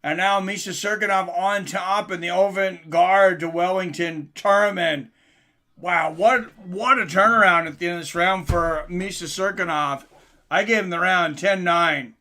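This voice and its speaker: A man doing casual live commentary on a fight for his stream chat, getting louder and more excited at big moments. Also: sits high, measured pace.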